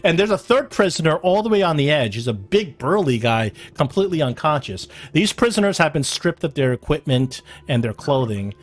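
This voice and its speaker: A man narrating a tabletop game as game master, often pausing and restarting mid-sentence. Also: fairly high pitch, very animated. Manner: halting, with many restarts and fillers.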